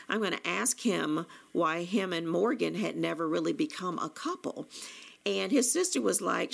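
Woman, gravelly fry, gossipy storyteller, mid pitch. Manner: gossipy, with fillers and restarts. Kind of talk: personal storytelling.

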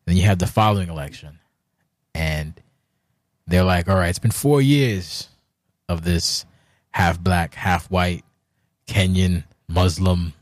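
A man's voice: deep voice, a little mellow, dry recording. A man hosting a podcast in a rambling, offhand, profane casual chat, drinking a beer as he records. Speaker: podcast host.

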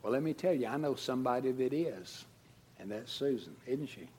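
A man preaching a sermon as pastor, swinging from raised emphatic lines down to soft, low endings. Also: expressive, normal speed, a little hiss or hum. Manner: dynamic preaching, rising to emphasis then dropping low and soft.

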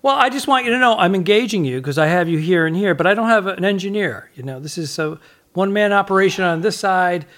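A man's voice: high voice, quick pace, a bit bright. A man co-hosting a comedy podcast, chatty and teasing, running the production himself. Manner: chatty, teasing, talks over partner. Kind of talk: casual comedic chat.

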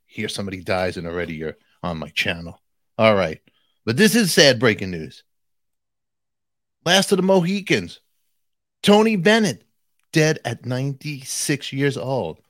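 A channel host with a mid-range voice speaks straight to his viewers, animated, jokey and chatty. There's no echo on the recording.

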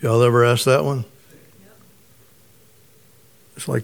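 Middle-aged male pastor, slightly raspy, conversational storytelling sermon, mid-pitched. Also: moderate pace, a bit bright. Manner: conversational, storytelling, asks congregation questions.

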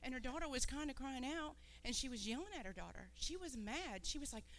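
A woman's voice: high voice, expressive, fairly quick, a bit bright. A woman giving an earnest, rambling talk to a church congregation, sometimes losing her train of thought.

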